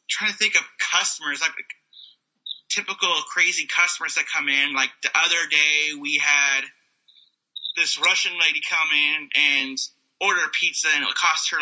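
A high-pitched man in his thirties rambles through casual stories, leaning on constant fillers and dropping into goofy character voices. His tone is very bright and sharp. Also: poor audio. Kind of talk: casual storytelling monologue.

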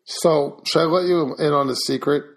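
Male podcast host, high-pitched, dry and teasing storyteller. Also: fairly even intonation, moderate pace. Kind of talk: casual chat.

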